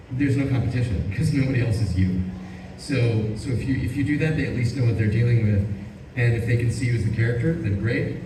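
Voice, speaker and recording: Male voice actor, panel q&a, earnest and encouraging, distant from the mic, background noise. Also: mid-range voice. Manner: earnest, encouraging, frequent restarts. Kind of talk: convention panel Q&A answers. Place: large convention panel hall. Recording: echoey hall, speaker far from mic, background noise.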